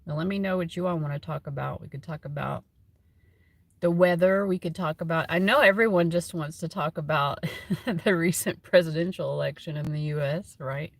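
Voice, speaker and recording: Hosting a tarot livestream on her phone at home, a woman speaks at a moderate pace in a low voice with vocal fry and no room sound. Her chat rambles casually, loaded with fillers and frequent laughter.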